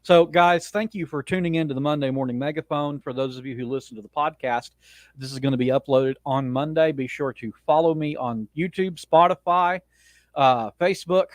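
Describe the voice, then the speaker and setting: Guy ranting on his podcast, blunt and opinionated, kinda high voice, dry sound. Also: a little fast, dry recording. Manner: blunt, opinionated, frequent restarts. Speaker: podcast host. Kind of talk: casual monologue rant.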